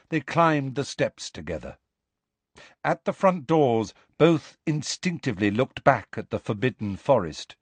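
In this dry recording, a man with a lowish voice narrates an audiobook from a script. His reading is measured and expressive.

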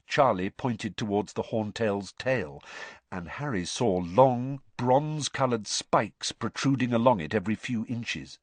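A man reading an audiobook in a steady storytelling manner, stepping into character voices. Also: lowish voice, a little slow, no echo. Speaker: narrator. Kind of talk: audiobook narration.

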